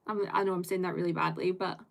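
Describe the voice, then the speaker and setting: A woman's voice: lowish voice, fairly even intonation, quick pace, creaky. A British woman live-streaming, chatting casually with viewers in a rambling way and laughing often.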